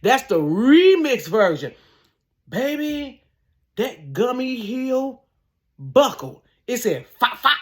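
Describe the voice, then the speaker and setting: Animated storytelling woman with lively pitch. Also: slow pace. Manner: animated, laughing, acts out sounds and shouts. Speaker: storyteller vlogger. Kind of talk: casual storytime vlog. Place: bedroom.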